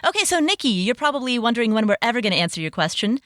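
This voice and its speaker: A woman hosts a casual podcast with a lively, bouncing voice. She is playful and laughs easily, and her mic sounds close and dry. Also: a little high, very fast, dry recording. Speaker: podcast host.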